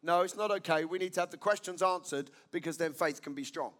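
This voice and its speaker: A man's voice: on the high side, fast, fairly bright tone. A man preaching a sermon as pastor, emphatic, repeating key lines and asking his listeners questions.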